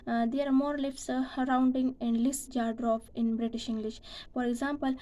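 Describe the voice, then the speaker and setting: A woman's voice: fairly high pitch, level tone, moderate pace, dark tone, low-quality recording. A woman giving a class presentation, speaking hesitantly with many fillers and restarts. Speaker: student presenter.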